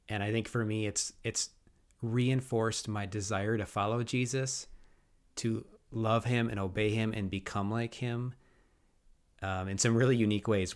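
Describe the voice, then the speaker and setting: Earnest low-voiced man on a faith podcast. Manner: earnest, thoughtful, frequent restarts. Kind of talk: reflective faith podcast talk.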